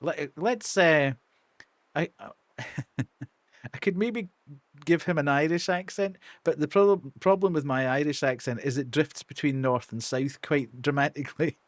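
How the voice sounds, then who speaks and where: A man's voice: on the high side, normal speed, no echo. A Scottish man chatting casually as a live streamer, laughing often and self-deprecating.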